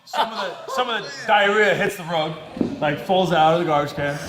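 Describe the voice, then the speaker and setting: A man telling a comic personal story on a talk show, quick and self-deprecating, laughing as he goes. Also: high voice, echoey room, a crowd in the background. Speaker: guest athlete. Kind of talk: animated anecdote telling.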